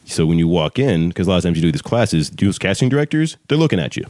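Low-voiced man giving voiceover advice. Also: fast talker, no room sound. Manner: animated, breaks into voice demos. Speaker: voice actor guest giving career advice. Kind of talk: casual podcast chat.

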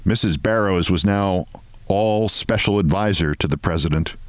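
A man hosting a show, reading a short story aloud in an expressive, measured way. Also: deep voice, no echo.

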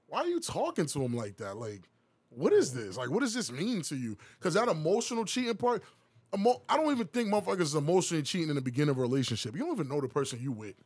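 Husky, animated man in casual banter. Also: rapid-fire. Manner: animated, swings from loud outbursts to low mutters. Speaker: podcast co-host. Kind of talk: casual comedic chat.

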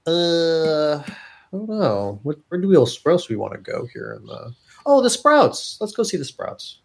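A man's voice: a little high, very animated, moderate pace, gravelly, slightly rough. A man playing a tabletop game, thinking aloud casually about what to do next. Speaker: player.

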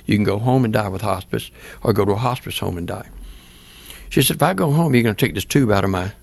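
A man's voice: fairly low pitch, fast, creaky. An older man, a pastor, earnestly telling a personal story in plain words during an interview. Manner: plain-spoken, earnest, acts out remembered dialogue.

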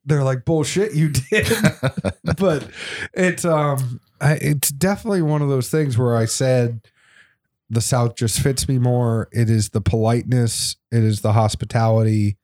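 Middle-aged man from Boston, animated and talkative podcast guest. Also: medium pitch, moderate pace. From Boston area. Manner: chatty, animated storyteller. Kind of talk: casual podcast chat.

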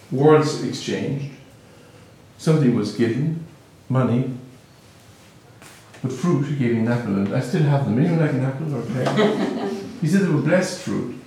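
Irish male speaker, Gaelic native, gentle storyteller, reflective talk to a live audience, distant mic, faint hiss. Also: medium pitch, expressive, a little slow, pauses often. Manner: musing, storytelling, gently humorous. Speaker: speaker on spiritual teaching. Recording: very echoey hall, mic far off.

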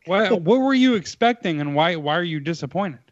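A man's voice: high-pitched, lively intonation, brisk, no echo. A man in casual podcast chat, laid-back and teasing, on a dull, lo-fi mic.

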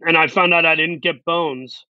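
Guy rambling thru a self-deprecating story, kinda high voice, dry close sound, bit muffled. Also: fairly even intonation, moderate pace, no room sound. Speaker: actor guest. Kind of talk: casual interview storytelling.

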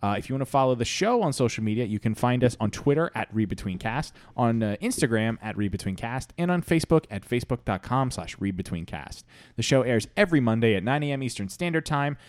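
A man's voice: mid-range voice, expressive, fast, no echo. A man hosting a comedy podcast in a casual, rambling way, full of fillers. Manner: rambling, filler-heavy, chuckling. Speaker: podcast host.

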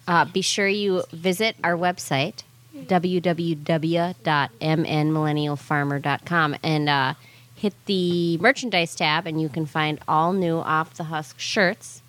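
A woman hosting a podcast, briskly keeping things on track. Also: deep voice, fairly even intonation, fairly bright tone. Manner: brisk, keeps the show on track. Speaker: podcast host. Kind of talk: casual chat and show announcements.

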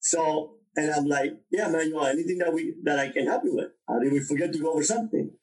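Animated older man telling his story. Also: fairly high pitch, quick pace, distant mic, poor audio. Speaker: interview guest. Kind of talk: storytelling in a podcast interview.

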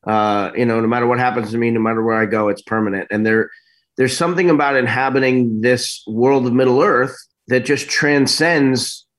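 A middle-aged man telling stories as an interview guest, rambling and animated, often breaking off and restarting. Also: medium pitch, normal speed. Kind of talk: casual storytelling interview.

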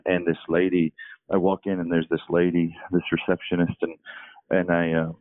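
A man telling a personal story in a casual, halting way, often repeating words. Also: low-pitched, monotone, no echo. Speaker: guest. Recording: tinny phone-like line.

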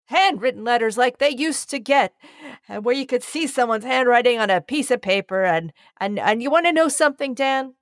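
A woman's voice: sits high, no echo, studio quality. A woman co-hosting a podcast in casual chat, effusive and rambling, with some swearing. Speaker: podcast co-host.

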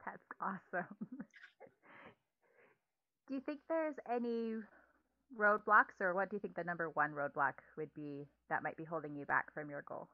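A woman's voice: on the low side, moderate pace, pauses often. A woman interviewing a guest, asking questions with brief, friendly, encouraging replies. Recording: dull, dry lo-fi recording.

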